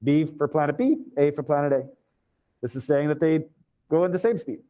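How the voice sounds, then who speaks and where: A male physics teacher leading a live online class, thinking aloud and reading formulas out slowly, with casual asides. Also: on the high side, mellow, poor audio.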